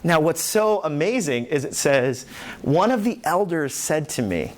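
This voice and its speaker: Animated male pastor preaching. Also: a little high, moderate pace. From New York. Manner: animated, acts out scripture voices. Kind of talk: sermon.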